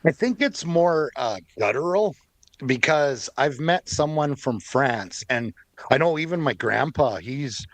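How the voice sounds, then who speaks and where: A man's voice: medium pitch, expressive, no echo. A man from Canada chats on a podcast, taking his time as he tells stories and laughs along. His voice is recorded close and dry, with no room sound. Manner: laughs often, storytelling, unhurried. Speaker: podcast co-host. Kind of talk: casual chat.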